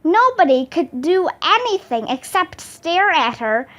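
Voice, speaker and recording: A woman reading a children's chapter book aloud with an expressive, animated delivery. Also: extremely high pitch, unhurried, highs cut off. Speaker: storybook reader. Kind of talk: children's storybook read-aloud.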